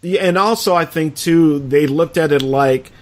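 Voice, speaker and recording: A man's voice: on the high side, normal speed. A man from Minnesota hosting a casual sports podcast, chatty and joking, keeping the talk on track. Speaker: podcast host.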